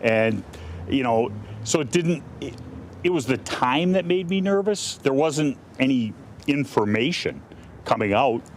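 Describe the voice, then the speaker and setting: A man's voice: medium pitch, animated, measured pace, slight background noise. A middle-aged male defense attorney answering reporters' questions bluntly, with many restarts and fillers. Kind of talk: press conference answers.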